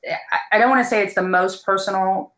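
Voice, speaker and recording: A woman's voice: mid-range voice, fairly quick, a bit bright, reverberant, poor audio. A woman speaking as a voice teacher in a casual interview, earnest and thoughtful, with many fillers.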